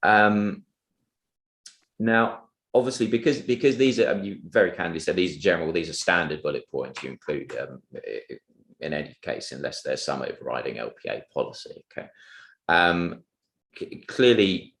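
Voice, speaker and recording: A man cross-examining a witness at a public inquiry, polite and halting, with many restarts and fillers. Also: low voice, a bit bright, reverberant, slight background noise. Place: public inquiry hearing room.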